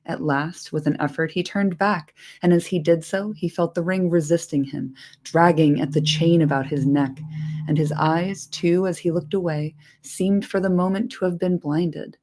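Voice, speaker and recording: A woman reading a fantasy book aloud on a livestream, expressive, with casual and profane chatty asides. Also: on the low side, moderate pace.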